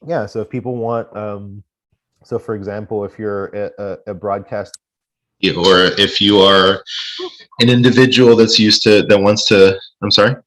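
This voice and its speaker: A man's voice: fairly low pitch, fairly even intonation, moderate pace, fairly bright tone, rough recording. A man being interviewed over a live stream, chatty and rambling, with lots of restarts and joking asides. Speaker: space-tourism lodging owner.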